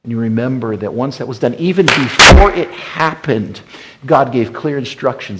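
A man preaching a sermon as pastor, swinging from loud emphatic bursts to hushed, quiet passages. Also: medium pitch, lively intonation, moderate pace, rough recording.

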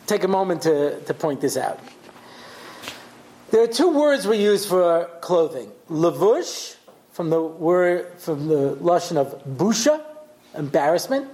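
A high, slightly mellow voice comes through a low-quality recording as the rabbi teaches Torah. He lectures conversationally, telling stories with acted-out voices and checking in with "yeah?".

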